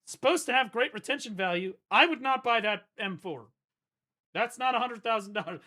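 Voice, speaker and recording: A man streaming live in a casual, profane rant, jumping from loud outbursts to low mutters. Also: lively intonation, a little fast.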